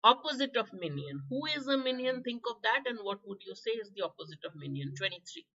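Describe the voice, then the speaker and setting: Woman, Indian English accent, hoarse exam-prep teacher; bright, high voice, muffled stream audio. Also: big pitch swings, fairly quick. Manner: chatty, quizzing students by name, coughing. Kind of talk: live online vocabulary class.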